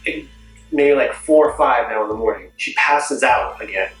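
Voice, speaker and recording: A young man telling a storytime tale to camera in a casual, jokey way with quick asides. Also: mid-range voice, a bit bright, distant mic. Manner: chatty, jokey, fast asides. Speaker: vlogger. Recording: roomy echo, off-mic, faint music.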